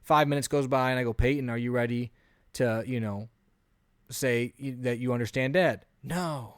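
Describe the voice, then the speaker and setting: A man in his thirties, a podcast co-host telling an animated story in a casual chat, often acting out what he said. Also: medium pitch, moderate pace, clear, resonant tone, no room sound, studio quality.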